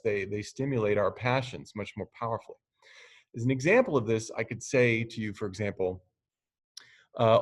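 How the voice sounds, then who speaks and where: A middle-aged man lecturing in a conversational way, explaining ideas with everyday examples and light teasing. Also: lowish voice. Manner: conversational, teasing, with fillers and restarts. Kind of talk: recorded lecture.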